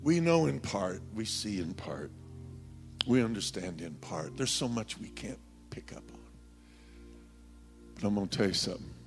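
A man preaching a sermon, telling a story with quoted voices and building to loud, pleading calls. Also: on the low side, animated, normal speed, long pauses, soft background music. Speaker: pastor.

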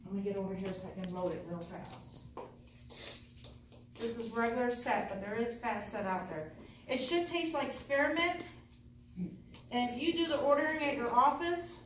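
A woman teaching a hands-on dental class, chatty and encouraging with quick asides. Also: a little high, animated, a bit bright, a little hiss or hum. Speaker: dental assisting instructor. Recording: echoey room, voice from far off.

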